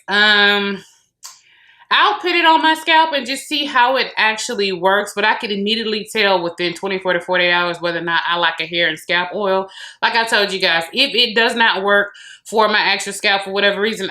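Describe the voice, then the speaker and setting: Here a beauty vlogger, an American woman with a medium-pitched, sharp voice, casually talks through hair and beauty products at home. She speaks right to her viewers in a chatty way, a closet visible behind her.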